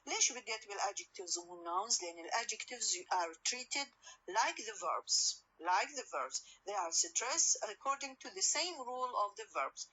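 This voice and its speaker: Woman lecturer, bright voice, patient explainer who repeats examples and checks understanding. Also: mid-range voice, very animated, moderate pace, breathy edge, poor audio. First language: Arabic. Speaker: university lecturer. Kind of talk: classroom lecture.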